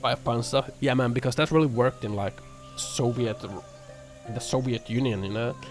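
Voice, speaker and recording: He has a mid-range voice with fairly even intonation and a moderate pace. Chatting from home with background music on, the man answers viewer comments in a rambling, sarcastic, profane manner loaded with filler words.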